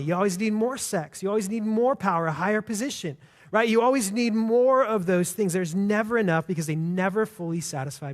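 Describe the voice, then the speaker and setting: A man preaching a sermon as pastor, in a conversational, earnest way with frequent restarts. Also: fairly high pitch. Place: church sanctuary. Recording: long hall reverb.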